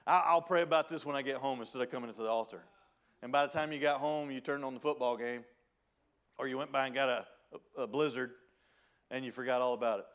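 A man preaching a sermon as pastor, with a Southern country accent, reading scripture in old-style wording and swinging between loud emphasis and hushed pleading. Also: on the high side. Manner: folksy preaching, reads King James scripture.

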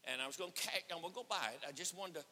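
A man preaching at a conference, telling a story with acted-out dialogue and rising to shouts. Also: on the high side, rapid-fire, slight background noise. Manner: animated, acts out dialogue, swells to shouting. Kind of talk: sermon storytelling. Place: church or conference hall. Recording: reverberant hall.

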